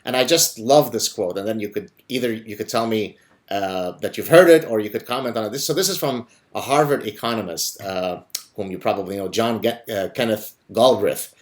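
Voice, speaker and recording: Male host, lowish voice, deliberate, lots of filler words. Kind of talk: conversational interview.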